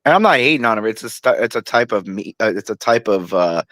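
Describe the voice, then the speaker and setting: A slightly drunk man talking bluntly and rambling in casual podcast chat, with drawn-out repetitions. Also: lowish voice, expressive, fairly bright tone, no echo. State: tipsy.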